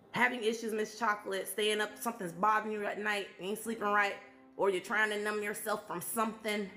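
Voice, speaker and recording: A woman in her thirties hosts a live stream, speaking casually and directly to her viewers as she shares her testimony in an emotional, motivational way. Her voice is mid-range and a bit bright, with a reverberant sound.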